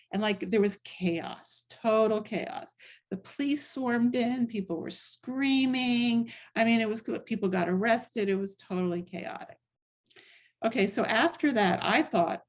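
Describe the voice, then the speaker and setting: A middle-aged woman presents her book at a talk. She tells stories in a loose, conversational way, full of asides, at a middle pitch. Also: darkish tone. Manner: conversational storytelling with frequent asides.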